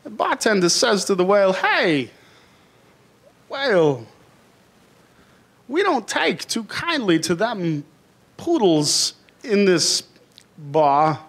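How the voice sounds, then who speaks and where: A man on a comedy club stage doing an impression of a famous older male actor, with slow, halting phrasing and odd pauses. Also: high voice, very animated, fairly bright tone, heavily acted. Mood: deadpan.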